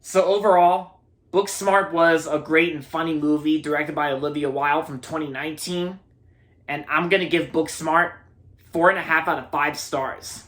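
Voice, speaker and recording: A man's voice: a little high, steady tone, normal speed, a bit bright. A young man in his early twenties from Maryland, giving a rambling, casual movie review and often repeating himself. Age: early 20s.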